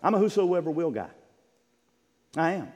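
High lively preacher guy, big echoey church reverb. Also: normal speed, highs cut off. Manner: emphatic, repetitive preaching with rising shouts. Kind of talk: sermon. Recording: church sanctuary with long reverb.

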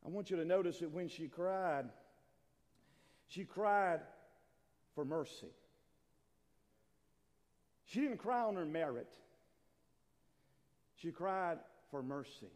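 A man preaching a sermon, swinging between quiet talk and loud, shouted appeals. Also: high-pitched, expressive, unhurried, pauses often. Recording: long hall reverb.

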